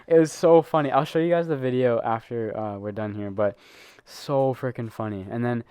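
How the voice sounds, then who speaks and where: Teenage male co-host, casual storytelling, filler-heavy, mid pitch, dry sound. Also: moderate pace, dark tone, clear, resonant tone, dry recording. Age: teens. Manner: rambling, filler-heavy, laughs while telling stories. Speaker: podcast co-host.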